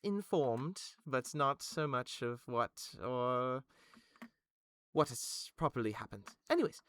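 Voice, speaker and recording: A man's voice: mid-range voice, animated, fairly bright tone. A man voicing a squat, disheveled old noblewoman who halts and hesitates as she speaks. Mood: courteous. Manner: halting, hesitant speech with many fillers.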